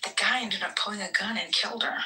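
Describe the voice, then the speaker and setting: Woman guest rambling on, very bright voice, sounds far from the mic in an echoey room. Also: mid-range voice, fast talker. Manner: rambling, many fillers and restarts, laughs often. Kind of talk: casual chat.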